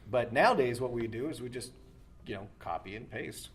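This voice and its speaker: A male voice actor at a convention, swinging between relaxed storytelling and sudden squeaky cartoon voices. His speaking pitch sits in the middle range. A faint hum of the convention hall stays behind him. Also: brisk. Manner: animated storyteller, bursts into high cartoon voices. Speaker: voice actor and director. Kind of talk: convention interview chat. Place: busy convention floor.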